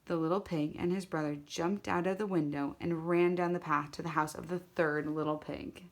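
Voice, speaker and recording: A woman telling a children's story aloud, animated, with small slips and restarts. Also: on the low side, normal speed. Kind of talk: storytelling to an audience.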